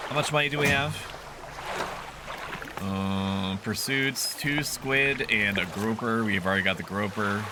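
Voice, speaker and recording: A man streaming a game, chatting casually with viewers in a rambling way and swearing freely. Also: lowish voice. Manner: rambling and profane, talks to chat. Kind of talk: casual gameplay commentary. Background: game music.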